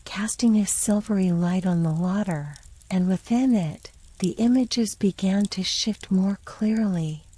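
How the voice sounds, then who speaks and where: Slow, whispering bedtime storyteller woman. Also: medium pitch, rough recording. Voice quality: soft unvoiced whisper. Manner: slow and soothing.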